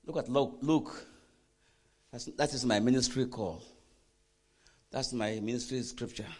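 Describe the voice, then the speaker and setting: A man preaching a sermon, quizzing the congregation with questions and swinging from quiet asides to loud emphatic bursts. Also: mid-range voice, a little slow, breathy edge. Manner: animated preaching, call-and-response questions to the congregation. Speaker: pastor.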